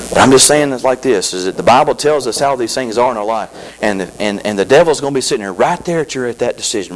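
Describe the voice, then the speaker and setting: A man preaching a sermon as pastor, folksy and emphatic, often repeating phrases and swinging between loud and quiet. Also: mid-range voice, rough recording.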